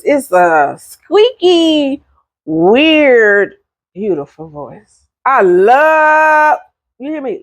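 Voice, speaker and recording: A middle-aged woman talks straight to her viewers in a casual vlog, chatty and animated, her pitch swooping up and down as she makes her points. The sound is dry and close, with no room around her. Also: no room sound. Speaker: vlogger giving relationship advice. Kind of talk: casual talk to camera.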